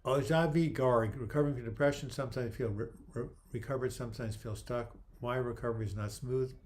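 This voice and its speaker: A man's voice: mid-range voice, steady tone, brisk, a little mellow. An older man hosting a casual livestream, reading viewer comments aloud and answering them in a chatty, joking way with frequent restarts. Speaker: livestream host.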